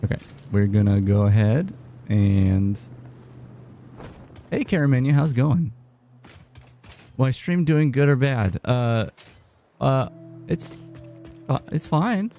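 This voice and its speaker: A man streaming a game live, chatting casually in a rambling, halting way. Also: mid-range voice, lively intonation, warm tone, soft background music. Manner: rambling, halting, with many restarts and fillers.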